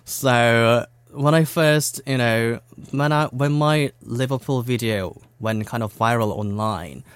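A man's voice: mid-range voice, takes it slowly, smooth, dry recording. A young man from South Korea whose first language is Korean, chatting as an interview guest with lots of fillers and frequent laughter. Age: young adult. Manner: chatty, laughs often, many fillers like "like" and "you know". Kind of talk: casual interview chat.

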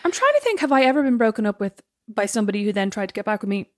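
A woman co-hosting a podcast, chatting in an animated, self-deprecating way. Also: mid-range voice, rapid-fire. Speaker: podcast co-host. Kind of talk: casual chat.

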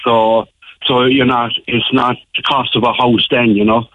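A man's voice: mid-range voice, flat delivery, measured pace, dry recording. An Irish man calling in from abroad, chatting and joking with lots of fillers. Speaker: caller abroad. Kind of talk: casual phone chat. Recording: tinny phone line.

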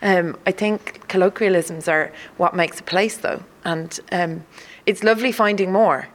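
A woman's voice: on the low side, a little slow. Chatty woman from the Welsh borders. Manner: chatty, reflective, with fillers. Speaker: artistic director. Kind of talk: casual interview.

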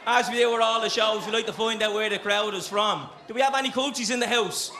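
Brash high-voiced Dublin man telling stories. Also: fast talker, very noisy. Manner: brash, sweary, animated storyteller. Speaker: live podcast co-host. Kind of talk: live stage comedy chat, storytelling. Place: live venue before an audience.

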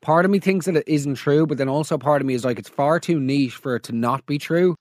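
A man hosts a comedy roast podcast in a fairly high voice, sarcastic and incredulous as he riffs and acts out little scenes. The recording is dry and close, with no room sound. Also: a little fast, no echo. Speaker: podcast host.

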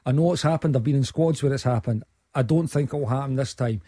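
Husky ex-player, halting. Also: male voice, mid-range voice, dark tone, dry recording, studio quality. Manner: hesitant, restarts often. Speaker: former player, pundit. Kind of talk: studio sports discussion.

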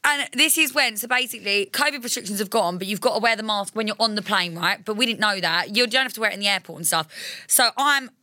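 A woman's voice: medium pitch, fast, pushed and bright, no room sound. A young woman as an interview guest, telling a story in a chatty, self-mocking way. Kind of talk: casual chat.

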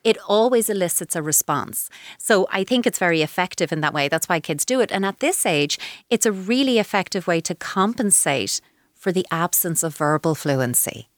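A woman's voice: lowish voice, expressive, moderate pace, no echo, studio quality. A woman giving parenting advice on a radio chat, explaining at length and sometimes acting out voices playfully.

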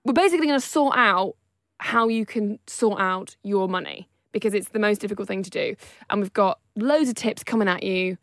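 A woman's voice: mid-range voice, brisk, a bit bright, no echo, studio quality. A woman around thirty co-hosting a podcast in casual chat, chatty and self-mocking, laughing often. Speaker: podcast co-host.

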